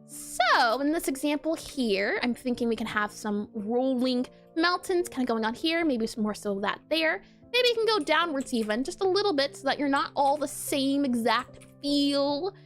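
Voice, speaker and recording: A woman's voice: sits high, expressive, moderate pace, few pauses, soft background music. A woman streaming herself drawing pixel art, chatting casually and giggling as she works and answers her chat. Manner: chatty, giggly, reads chat aloud and banters. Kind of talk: casual livestream commentary while drawing.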